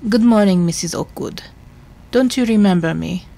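A woman voicing a formal, earnest male Victorian doctor in a video game, measured and grave. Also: mid-range voice, vocal fry, dark tone, close to an everyday voice.

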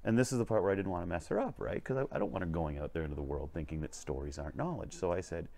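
A man hosting a vlog, telling a story in a conversational, animated way from inside a vintage train lounge car. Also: low voice, racing, creaky, hardly any pauses. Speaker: vlog host and leadership speaker.

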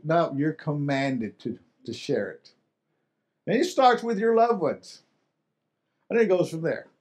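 High-pitched guy preaching, repeats himself a lot, goes quiet then loud. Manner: repetitive, emphatic preaching with many restarts; swings between loud and soft, acting out quotes. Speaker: pastor. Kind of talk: sermon.

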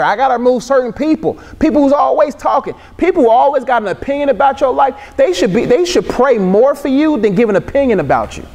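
A man's voice: extremely high pitch, a little mellow. A young man preaching a sermon in an emphatic, casual way, mixing slang and humor. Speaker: Christian speaker.

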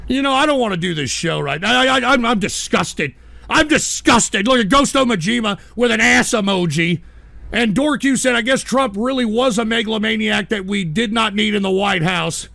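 A man hosting a live stream, angrily ranting and swearing at his chat with shouted outbursts. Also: high-pitched, moderate pace, gravelly, no echo. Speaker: live-stream show host.

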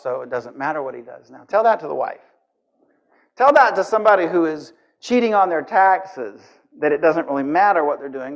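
A man preaching a sermon in a church, animated and conversational, acting out scenes as he goes. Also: on the high side, dull audio.

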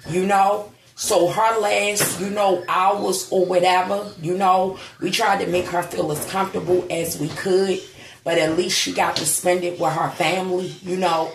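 A grieving woman talks slowly and heavily in a gravelly, low-set voice, holding back tears as she speaks. She is blunt and swears. The sound is echoey, as if from a bare room at home. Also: a little hiss or hum. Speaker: vlogger. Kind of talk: casual vlog monologue.

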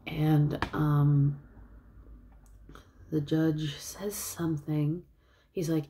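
A woman's voice: deep voice, completely flat delivery, takes it slowly, long pauses, dark tone, a little hiss or hum. A woman casually retelling a movie plot in a rambling way, with many fillers. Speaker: vlogger.

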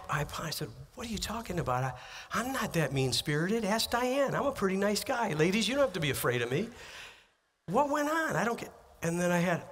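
A middle-aged man pastor preaching a sermon, emphatic, rising to loud peaks and dropping to quiet asides. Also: medium pitch.

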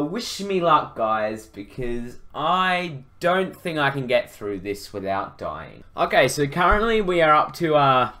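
A man's voice: on the high side, a bit bright. Sarcastic young man reading aloud. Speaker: video creator reading his old book. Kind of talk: mocking reading commentary.

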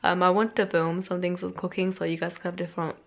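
A young woman chats to the camera in a relaxed, rambling way, tired and a little out of breath after a long day. Her voice sits on the lower side and carries a gravelly fry. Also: quick pace, dull audio. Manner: rambling, chatty, self-deprecating, slightly out of breath. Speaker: vlogger. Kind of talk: casual vlog chat to camera. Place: bedroom at home.

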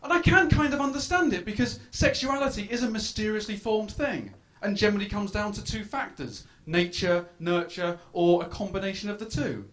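A man's voice: high-pitched, expressive, brisk, hardly any pauses, fairly bright tone. A man doing a self-deprecating stand-up set on a club stage, chatting with the crowd. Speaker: stand-up comedian. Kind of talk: stand-up routine.

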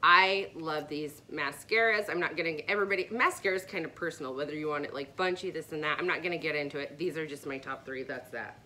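A woman's voice: low-pitched, racing, hardly any pauses, bright, forceful tone, a little hiss or hum. A woman vlogger chatting casually and enthusiastically about her favorite products, with rambling asides. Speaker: beauty vlogger.

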